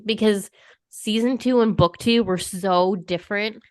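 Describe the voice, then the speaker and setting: A woman's voice: medium pitch, moderate pace, no echo, clean studio sound. A woman co-hosting a podcast in casual chat, eager and talkative, often acting out what she and others said. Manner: chatty, eager, quotes herself and others. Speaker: podcast co-host.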